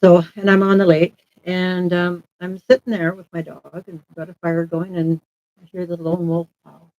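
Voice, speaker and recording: A man's voice: high-pitched, normal speed, muffled recording. A man from Alberta, Canada, telling rambling travel anecdotes in a casual live chat, acting out the people he quotes. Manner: rambling anecdotal storyteller, lively quoted voices. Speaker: guest traveler.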